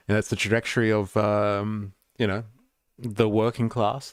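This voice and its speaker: A man's voice: on the low side, no room sound, studio quality. A man hosting a livestream, chatting and joking casually about clips he plays. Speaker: livestream host.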